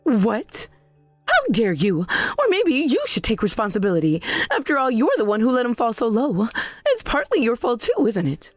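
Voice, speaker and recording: A woman voicing a self-righteous middle-aged mother in a scripted drama, shrill, demanding and defensive. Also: huge pitch swings, moderate pace, no room sound, soft background music. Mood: indignant.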